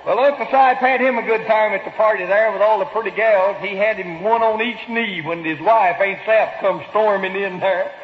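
A man tells jokes in a drawling voice that sits very high. The old radio broadcast sounds lo-fi, with long echo from a big hall. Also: fairly even intonation, normal speed, few pauses, noisy background. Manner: folksy, drawling, jokey. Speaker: comedian. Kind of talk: stand-up rural storytelling on a live radio show.

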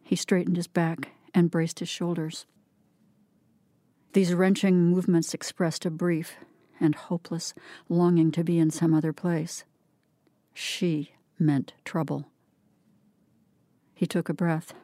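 A woman reading a literary short story aloud in a measured, even narration. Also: on the low side, no room sound. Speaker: reader.

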